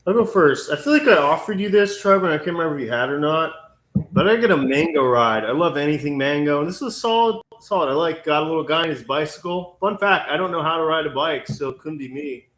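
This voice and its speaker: A chatty man co-hosts a casual podcast and pokes fun at himself. His voice sits slightly high. The room around him sounds echoey. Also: expressive, fast talker, fairly bright tone. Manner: chatty, self-mocking. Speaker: podcast co-host.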